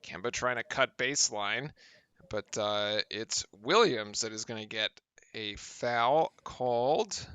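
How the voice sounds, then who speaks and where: A man calling a basketball game play-by-play, with brisk, excited calls of the action. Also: medium pitch, smooth, no echo. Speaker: play-by-play commentator.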